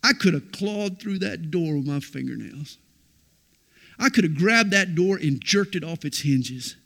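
Middle-aged male pastor, sermon, slightly high voice, dramatic loud-to-hushed delivery. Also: lively intonation, measured pace, vocal fry. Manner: dramatic swings from loud declaration to hushed intimacy.

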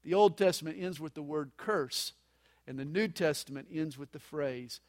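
A man preaching a sermon at a live church service, dramatic, moving between loud emphasis and soft, hushed lines. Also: a little high, normal speed. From United States. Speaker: pastor.

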